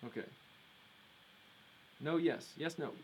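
Speaking slowly in a slightly high voice, another guitar teacher walks viewers through a strumming pattern during a relaxed livestream, counting beats out loud. His streaming mic feeds through a compressor, leaving a rough recording with faint hiss or hum, and his acoustic guitar strumming sounds behind him.

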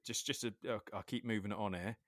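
A man's voice: fairly low pitch, fairly even intonation, quick pace, a bit bright, no room sound, studio quality. A man, chatting casually as a podcast co-host, swearing constantly and laughing often as he tells a story. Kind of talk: casual chat.

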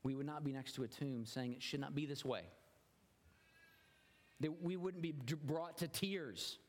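A man's voice: fairly high pitch, moderate pace, big-room sound. A man preaching a sermon as a pastor, earnest and often repeating words as he searches for them.

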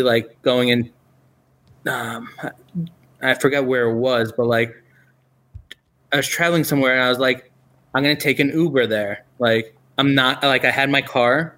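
A man co-hosting a podcast, chatting casually in a halting way, with many fillers. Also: medium pitch, fairly even intonation, pushed and bright. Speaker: podcast co-host. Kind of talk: casual chat.

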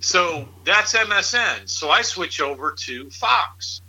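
A middle-aged man with a husky, very bright voice talks through politics in loose, rambling chat. He sounds incredulous and laughs often, circling back on his points. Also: sits high, expressive, takes it slowly, low-quality recording.

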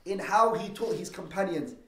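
Guy teaching a religious class, reads arabic fast then translates, echoey room, kinda far from the mic. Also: high voice, animated. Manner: explains terms, poses rhetorical questions to the class. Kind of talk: lesson on Islamic law.

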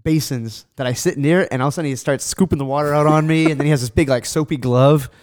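A man with a slightly high voice talks quickly as he tells a story in a casual chat. He is animated and swears freely, acting out what other people said.

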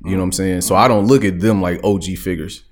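A laid-back man co-hosting a casual conversation. He talks in a low, deep voice and keeps checking in with "you know what I'm saying". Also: steady tone, fast. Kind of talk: casual chat.

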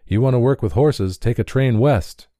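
A man's voice: medium pitch, moderate pace, dark tone, no echo, clean studio sound, voice pushed up, lightly acted. A man voicing a blunt, dismissive male livery stable owner who talks scornfully. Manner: brusque, scornful.

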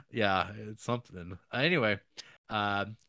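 Low-voiced man recapping a film. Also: expressive, pushed and bright, no echo, clean studio sound. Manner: rambling, many fillers and restarts; acts out characters' lines in quick asides. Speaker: podcast co-host. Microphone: podcast microphone.

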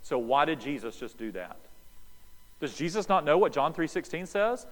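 A man's voice: on the high side, moderate pace, in a large hall, rough recording. An American man preaching a sermon, acting out the voices in a Bible story as he explains it. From United States. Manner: animated preaching, acts out dialogue. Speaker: pastor.

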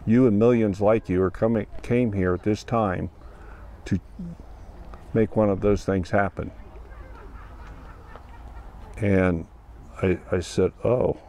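Speaking slowly and pausing often, an Ohio man shares a festival experience in a lowish, mellow voice with fairly even intonation, and a little hiss or hum sits in the recording. He tells it earnestly and plainly, acting out what was said.

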